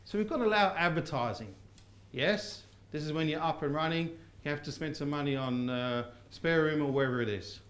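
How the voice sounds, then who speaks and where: Lively male seminar trainer. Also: fairly high pitch, a little fast. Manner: lively, quizzes the audience with call-and-response. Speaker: property course trainer. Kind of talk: live seminar teaching. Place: seminar room with audience. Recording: roomy seminar hall sound.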